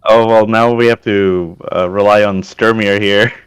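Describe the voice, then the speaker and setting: A man's voice: fairly low pitch, steady tone, a little slow, clean tone. A man playing a tabletop game in casual chat, joking and hesitant, with small stammers. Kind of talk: casual tabletop role-play.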